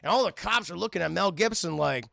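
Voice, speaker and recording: A man recapping a film on a live stream in an animated, profane way, constantly talking to his chat. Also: high voice, quick pace, gravelly, dry recording, studio quality.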